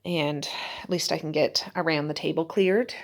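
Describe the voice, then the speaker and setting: A woman's voice: low-pitched, fairly even intonation, normal speed. A woman, chatting casually to the camera at home while she does housework. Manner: chatty, talking to herself while doing chores. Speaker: vlogger. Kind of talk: casual vlog narration. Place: at home indoors.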